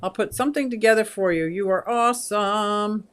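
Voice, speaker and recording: A woman's voice: mid-range voice, normal speed, clean tone. A woman in her sixties hosting a casual livestream, chatty, laughing often and reading viewer comments aloud. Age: 60s. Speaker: aquarium channel host.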